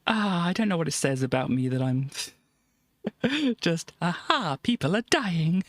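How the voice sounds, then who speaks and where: A woman's voice: fairly low pitch, big pitch swings, measured pace, no echo. A woman streamer chatting casually about her old comics, rambling and stammering with frequent laughs. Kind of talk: casual live-stream chat.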